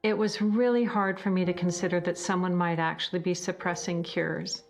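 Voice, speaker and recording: A woman's voice: lowish voice, fairly even intonation, moderate pace. A woman giving earnest, heartfelt personal documentary narration. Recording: voice-over with music underneath.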